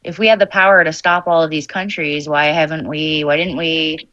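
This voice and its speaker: A woman's voice: deep voice, fairly even intonation, moderate pace, a bit bright, dry recording, highs cut off. A woman hosting a live political panel online. She argues her points with persistence and cites facts. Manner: persistent, explains facts, soothes the other speaker. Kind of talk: heated political panel debate.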